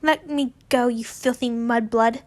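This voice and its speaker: A woman's voice: a little high, fairly even intonation, a little slow, a little mellow, close to an everyday voice. A woman reading the lines of a haughty, mocking teenage boy wizard in a fanfiction story. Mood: spiteful.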